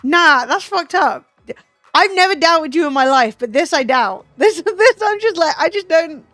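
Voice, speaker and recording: British girl streamer, high voice, teasing and sweary, dry mic, bit of music behind. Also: animated, moderate pace, fairly bright tone, no echo. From Britain. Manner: teasing, incredulous, swears freely. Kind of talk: casual chat with a guest.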